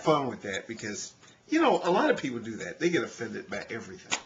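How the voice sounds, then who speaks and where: A man's voice: mid-range voice, huge pitch swings, fast. A man vlogging in an earnest, conversational way, with frequent "you know" fillers. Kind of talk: casual talk to camera.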